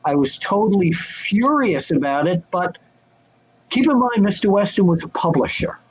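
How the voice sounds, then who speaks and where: An older man telling wrestling-magazine stories on a video call, lively and acting out the voices of people he quotes. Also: high-pitched, normal speed, husky, low-quality recording. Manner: animated, acts out quoted voices. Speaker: guest answering fan questions. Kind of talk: casual storytelling chat.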